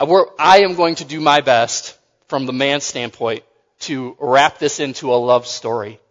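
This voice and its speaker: Joking preacher in a reverberant hall. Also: male voice, medium pitch, measured pace, fairly bright tone, highs cut off. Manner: conversational, joking, repeats and restarts phrases. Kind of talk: sermon.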